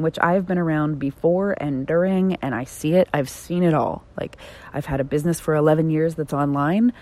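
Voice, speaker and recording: A woman hosting her own podcast, talking candidly and bluntly, swearing freely and swinging between soft, tender phrasing and emphatic outbursts. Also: low-pitched, normal speed. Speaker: podcast host. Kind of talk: candid solo podcast monologue.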